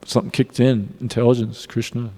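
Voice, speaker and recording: A man giving a devotional class in a temple hall, telling personal stories in an earnest, animated way. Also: mid-range voice, brisk. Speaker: class speaker. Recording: long reverb of a hall.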